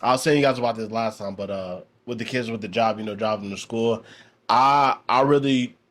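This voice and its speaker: A man's voice: medium pitch, a little fast, a bit bright. A man hosting his own podcast in a casual, rambling way, with many fillers and restarts. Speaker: podcast host.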